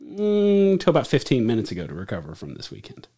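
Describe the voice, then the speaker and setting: Brief: teasing pastor co-host with a lively, mid-range voice. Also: male voice, medium pitch, fast talker, slightly rough. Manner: playful, teasing. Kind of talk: casual chat.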